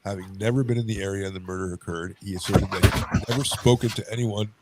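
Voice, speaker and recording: A man's voice: low voice, steady tone, quick pace, very noisy. A man with a stuffy nose co-hosting a casual podcast, reading case notes aloud, tripping over words and breaking off to chat. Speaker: podcast co-host.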